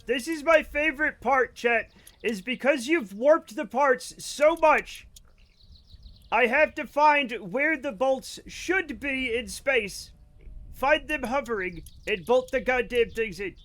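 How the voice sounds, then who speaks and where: A man streaming a game live, chatting casually with his viewers; he rambles, gets excitable and mock-angry, and swears freely. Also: very high-pitched, slow. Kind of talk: casual live-stream chat while gaming.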